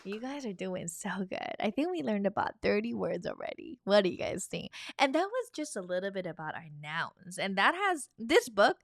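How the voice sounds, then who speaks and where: A woman's voice: mid-range voice, sing-song, moderate pace, gravelly, few pauses, no echo, studio quality. A young woman teaching a vocabulary lesson, chatty and encouraging, repeating each word three times for the learner to copy. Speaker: Korean language teacher.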